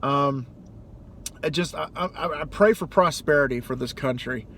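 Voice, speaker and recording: Young male vlogger, fairly high voice, rambling and casual, outdoors with light traffic noise. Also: a little slow, creaky. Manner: rambling, animated, breaks into loud high-pitched impressions. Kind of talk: casual monologue.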